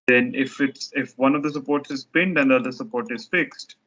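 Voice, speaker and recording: A man's voice: medium pitch, fairly even intonation, brisk, bright, forceful tone, muffled recording. A man teaching a structures lecture, explaining step by step while he sketches diagrams, often restarting his sentences.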